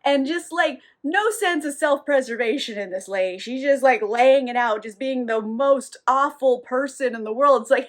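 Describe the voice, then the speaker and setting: A woman with a high, bright voice who recaps a novel casually. She swears freely, laughs often and keeps her delivery animated. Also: normal speed, few pauses. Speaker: book reviewer. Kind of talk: casual book recap vlog.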